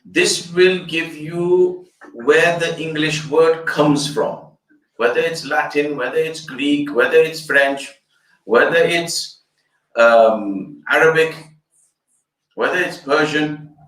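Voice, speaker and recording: A man's voice: a little high, slow pace, a bit bright. An older man, an Islamic scholar, giving an explanatory fundraiser lecture. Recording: echoey room, distant mic.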